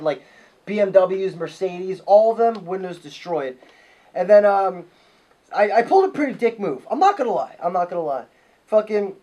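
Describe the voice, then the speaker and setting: A podcast host with a high-pitched male voice, well above the typical range for men, tells a story casually. He's profane and excitable, heaping on detail as the story builds.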